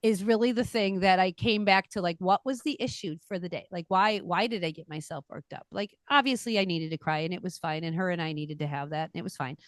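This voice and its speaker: A woman's voice: on the low side, brisk, hardly any pauses, no echo. A middle-aged woman co-hosting a casual podcast chat, telling a family story with energy and acting out the lines of others. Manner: animated storytelling, acts out quoted voices. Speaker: podcast co-host.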